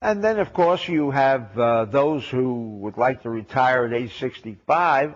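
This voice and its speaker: A man's voice: medium pitch, animated, a little slow. A man giving a sermon as a rabbi, wry and sarcastic, asking rhetorical questions. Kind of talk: sermon on the weekly Torah portion. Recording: dull lo-fi old recording.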